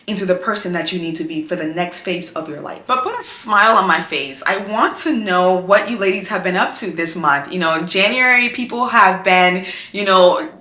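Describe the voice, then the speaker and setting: A woman's voice: on the low side, normal speed, few pauses, bright, forceful tone, roomy sound. A woman vlogger talking to her viewers about faith, emotional and encouraging, speaking in a repetitive preaching cadence. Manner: addresses viewers as "girl". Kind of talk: heartfelt faith-based talk to camera.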